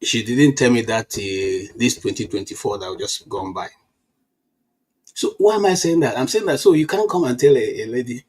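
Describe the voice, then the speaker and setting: A Nigerian man in his fifties holds forth in a casual political chat. His voice is husky and sits at an ordinary pitch, and he tells his stories with animated restarts. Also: brisk. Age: 50s. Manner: animated storytelling with frequent restarts.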